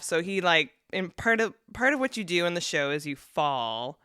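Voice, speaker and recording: A woman's voice: on the low side, big pitch swings, moderate pace, bright, forceful tone, smooth, no echo, clean studio sound. A woman co-hosting a podcast in casual chat, rambling and often laughing. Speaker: podcast co-host.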